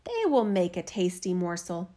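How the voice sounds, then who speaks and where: A woman reading a fairy tale aloud, voicing a cruel old witch in a lower, gruff, scolding voice. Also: wildly swooping pitch, moderate pace, mellow. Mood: menacing. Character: wicked old female witch, cruel and greedy. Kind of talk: storybook reading.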